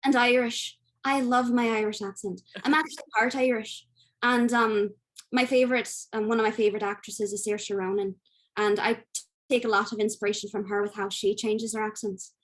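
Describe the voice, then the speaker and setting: Poised young woman actor, slightly high voice. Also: steady tone, brisk. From United States. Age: young adult. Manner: poised, well-spoken, polite. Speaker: actor guest. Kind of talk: casual interview chat.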